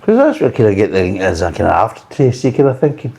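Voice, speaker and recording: Brief: low-voiced, mellow man, blunt and exasperated beer reviewer who swears freely. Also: lively intonation, fast talker, vocal fry.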